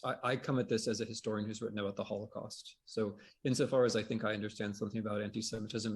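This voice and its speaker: Husky-voiced male historian, reflective. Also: lowish voice. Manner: reflective, frequent restarts and repeated words. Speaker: historian, panel speaker. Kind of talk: conversational panel discussion.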